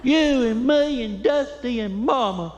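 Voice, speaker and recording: A man voicing little boys whining and pleading with their daddy in a high, kiddish voice. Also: unhurried, a little mellow, muffled recording, a little hiss or hum. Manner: high-pitched pleading kid voice. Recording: live hall with long reverb.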